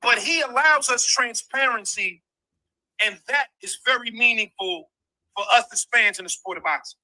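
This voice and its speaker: A man co-hosting a boxing live stream, speaking earnestly and turning formal as he introduces a guest. His voice is very bright and sharp. He asks his questions plainly. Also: very high-pitched, normal speed, low-quality recording. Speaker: live stream co-host and interviewer. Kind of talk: casual interview on live stream.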